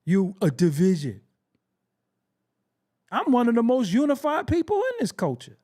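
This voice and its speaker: This podcast host is a man with an extremely high, mellow voice that swings hugely in pitch at a normal speed. He rants through heated commentary, hammering the same phrases again and again and firing off rhetorical questions.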